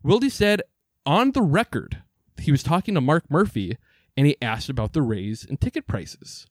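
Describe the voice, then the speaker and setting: A man's voice: on the high side, sing-song, normal speed, no echo, studio quality. Heated, profane man ranting on a podcast. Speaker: podcast co-host. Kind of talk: casual sports podcast chat.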